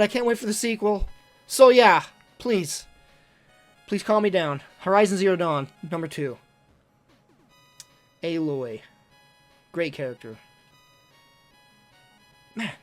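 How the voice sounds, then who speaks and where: A streamer talking casually on a live stream, gushing and excitable, often stumbling and repeating words. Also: mid-range voice. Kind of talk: casual livestream talk ranking games.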